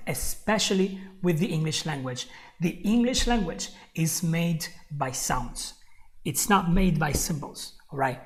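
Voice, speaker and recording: A man's voice: on the high side, gravelly. A man with an Italian accent mixed with American and Australian tones, teaching an online English lesson. He repeats his key points emphatically and speaks straight to the viewer.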